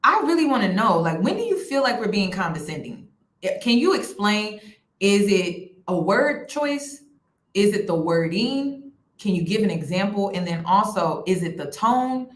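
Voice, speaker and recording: Animated woman host in a roomy space. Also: mid-range voice, moderate pace. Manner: animated and expressive, with a blunt streak. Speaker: host of a commentary channel. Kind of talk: casual livestream commentary. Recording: roomy echo.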